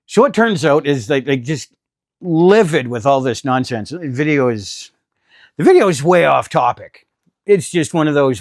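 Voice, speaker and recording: A man's voice: mid-range voice, normal speed, no room sound, clean studio sound. A middle-aged man, talking casually to camera about RV costs in a chatty, exasperated, self-deprecating way. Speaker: RV vlogger. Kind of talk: casual vlog talk.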